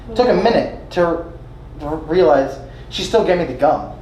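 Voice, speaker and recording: A man from Kansas with a Kansas accent performing at an open mic. His voice sits a bit high and wanders along with halting fillers and self-deprecating asides. The room gives the sound a roomy echo. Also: expressive, dark tone, a little hiss or hum. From Kansas, United States. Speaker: stand-up comic.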